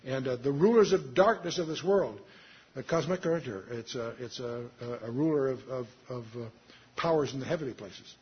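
Husky-voiced man preaching a sermon. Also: medium pitch, normal speed, muffled recording. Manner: earnest teaching, reads scripture aloud with emphasis. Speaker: Bible teacher.

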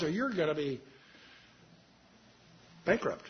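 A man's voice: sits high, expressive, normal speed, slightly rough, dull audio. A man teaching a sermon, earnestly reading scripture aloud with emphasis and explaining it. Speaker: Bible teacher.

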